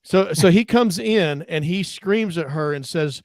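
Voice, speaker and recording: Animated man with a higher voice. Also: a little slow, no echo, studio quality. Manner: animated, acts out quotes, gropes for names. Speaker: ministry discussion panelist. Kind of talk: casual online panel talk.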